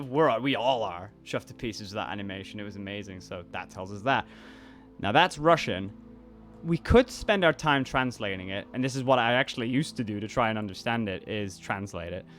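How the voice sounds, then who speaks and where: With soft background music, this man speaks at normal speed in a fairly low, slightly bright voice. He's a YouTuber and voice actor in his twenties, accent a mix of British and American, rambling casually through viewer comments, reading them out and restarting sentences along the way.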